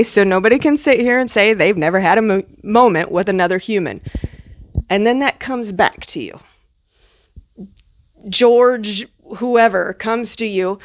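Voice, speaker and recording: A woman at a middle pitch teaches her students about spiritual life in a casual, animated way and drops playful asides. She sounds close to the mic in a dry, dead space. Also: no echo.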